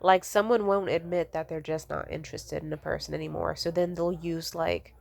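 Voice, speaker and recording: A woman's voice: low voice, fairly even intonation, moderate pace, vocal fry. A young woman ranting casually, blunt and profane, exasperated, mimicking the people she complains about.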